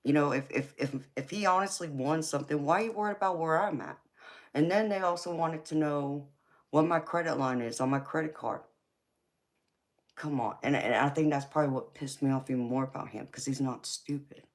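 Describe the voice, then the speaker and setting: Woman, live stream host, casual storytelling, animated, swears a lot, laughs as she talks. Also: sits low, brisk. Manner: animated, swears freely, laughs while telling.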